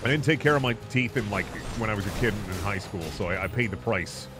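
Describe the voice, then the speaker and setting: A man's voice: lowish voice, fast, over music. A man streaming a video game, ranting and swearing in a casual, mock-outraged way. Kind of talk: casual gaming stream commentary.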